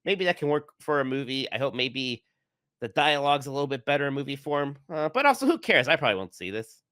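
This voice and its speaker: Male co-host, playful and animated, bright tone, dry mic. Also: medium pitch, quick pace, dry recording. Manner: jokey, animated, laughs at own jokes. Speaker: podcast co-host. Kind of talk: casual panel chat.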